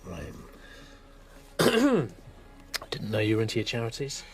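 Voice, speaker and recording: Dry deadpan male radio sidekick. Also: fairly low pitch, a little slow. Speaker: radio co-host. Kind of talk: comedic radio show chat. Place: radio studio.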